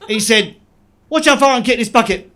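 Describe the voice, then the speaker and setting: A man doing stand-up in a club, delivering one-liners deadpan, with the odd quick chuckle at his own jokes. His voice sits notably high for a man. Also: background noise. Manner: deadpan joke delivery with quick self-laughs. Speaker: stand-up comedian. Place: comedy club stage.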